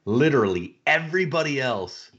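A man's voice: medium pitch, lively intonation, moderate pace, fairly bright tone, lo-fi sound. A man co-hosting a movie podcast, talking in a blunt, emphatic and profane way. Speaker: podcast co-host. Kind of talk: casual movie podcast chat.

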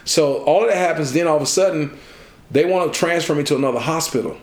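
A man being interviewed, telling a personal story in a lively way and acting out the voices of the people in it. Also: on the high side, fast. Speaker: interview guest. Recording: echoey room.

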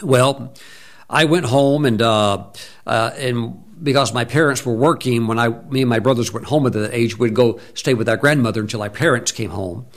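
A man's voice: mid-range voice, normal speed. A middle-aged man, a pastor, preaching a sermon emphatically, drawing words out and humming between phrases.

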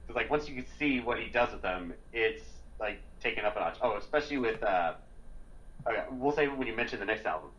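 A man's voice: lowish voice, animated, a little fast, fairly bright tone, muffled recording. A man in casual conversation, hesitant and full of fillers, laughing often. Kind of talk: casual chat.

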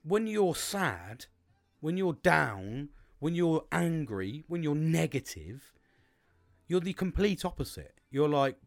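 A man's voice: a little high, very animated, takes it slowly, creaky. A man talking through a casual motivational monologue, rambling and repeating himself, swearing freely.

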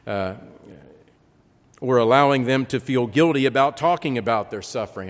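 A man's voice: medium pitch, moderate pace. Man preaching with a long hall reverb. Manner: reads scripture with lively emphasis, frequent repetitions. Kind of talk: sermon.

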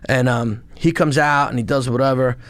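A man in casual podcast talk, telling profane, animated stories of his past and acting out shouts along the way. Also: medium pitch, normal speed, dry recording. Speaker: podcast guest, former Marine and police officer. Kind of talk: casual storytelling.

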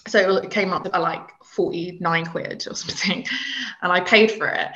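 Young British woman, podcast co-host, casual and halting, low-ish voice. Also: fairly even intonation, bright, forceful tone. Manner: chatty, hesitant with many ums. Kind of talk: casual chat. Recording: dull lo-fi sound.

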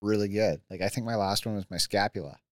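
A man's voice: on the low side, fast, dry recording. A man in his thirties, a mountain biker guest telling his injury stories in a laid-back chat, with many likes and restarts. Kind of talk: casual chat.

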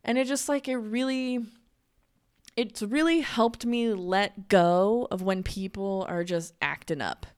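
Chatty young woman, smooth voice. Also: mid-range voice, slow. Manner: chatty and candid, many "like" fillers. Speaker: podcast host. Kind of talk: casual monologue.

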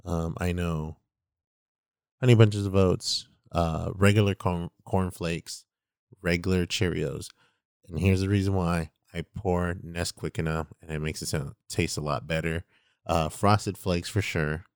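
A man with a very deep voice rambles through casual stories, heavy on slang and filler "like". His voice sounds dry and close, with no room around it. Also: fairly even intonation, measured pace, clear, resonant tone, dry recording. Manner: rambling, slangy storytelling with lots of "like". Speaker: podcast co-host. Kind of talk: casual chat.

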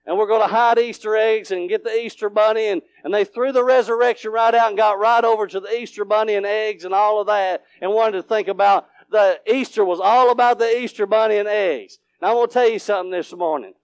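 A man preaching, his voice pitched high for a man. He swings from fervent, rising shouts down to near whispers. The sound is dry and close, with little room in it. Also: steady tone, brisk, few pauses, smooth, no echo, muffled recording. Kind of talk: sermon.

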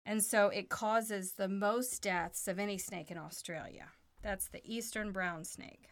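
A woman's voice: mid-range voice, fairly even intonation, measured pace. A woman co-hosting a home podcast with her child, chatting casually and asking simple questions to draw him out. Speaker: podcast co-host and mother. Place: playroom at home.

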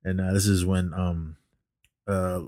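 A low-pitched man talks through a movie recap, rambling and restarting his sentences with plenty of fillers. He coughs every so often. His voice sits close and dry on the mic, with no room sound. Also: flat delivery, slow pace, mellow, dry recording. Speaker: podcast co-host. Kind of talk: casual movie recap chat.

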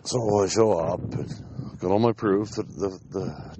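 A man's voice: deep voice, a little slow, noisy background. A young man casually telling a profane, rambling anecdote outdoors in his backyard. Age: young adult. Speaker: storyteller.

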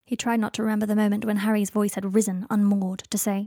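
A woman reads a story aloud at an ordinary middle pitch. Her narration stays steady and even. The recording is dry, with no room around her. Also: quick pace, no room sound. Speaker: audiobook narrator. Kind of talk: fan fiction audiobook reading.

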